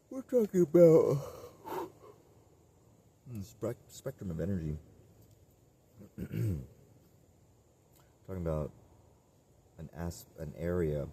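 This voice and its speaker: Slow, gravelly low-voiced man rambling. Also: dark tone, a little hiss or hum. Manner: meandering, restarts and tangents, frequent laughs. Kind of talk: rambling casual monologue to camera. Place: outdoors at a tent camp.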